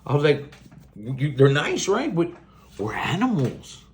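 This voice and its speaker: Animated South Texas man telling stories. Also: a little high, unhurried, slight background noise. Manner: animated, slangy, mixes in Spanish words. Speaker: podcast host. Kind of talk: casual storytelling monologue.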